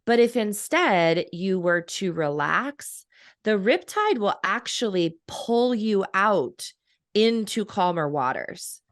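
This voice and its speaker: A woman's voice: medium pitch, sing-song, slow, no room sound, clean studio sound. A woman in her thirties, a coach and author, talking reflectively in a podcast interview and laughing often.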